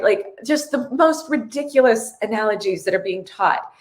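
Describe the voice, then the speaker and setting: A woman's voice: medium pitch, expressive, normal speed, roomy sound. A woman hosting a casual live stream, earnest and tearful, reading viewer comments aloud.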